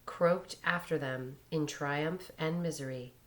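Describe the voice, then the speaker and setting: A woman reading a short story aloud in a measured storytelling manner. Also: sits low, steady tone, fairly bright tone. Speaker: reader.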